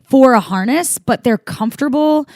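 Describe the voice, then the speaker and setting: A woman co-hosting a podcast in casual chat, talking in quick loose bursts with fillers and restarts. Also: sits high, lively intonation, darkish tone, no echo, clean studio sound. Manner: chatty, many fillers and restarts. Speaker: podcast co-host.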